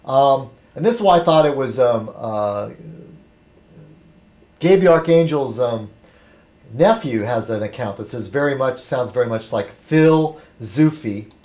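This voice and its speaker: A man's voice: medium pitch, lively intonation, unhurried, a little mellow. A man rambling casually on a webcam vlog, chatty and full of ums and restarts. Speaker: video blogger.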